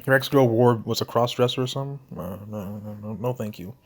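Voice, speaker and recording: A man's voice: medium pitch, a little fast. A young man casually commenting on a story game, reading its text aloud in a slangy, laid-back way and sometimes talking with his mouth full. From St. Louis area, US. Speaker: gameplay commentator.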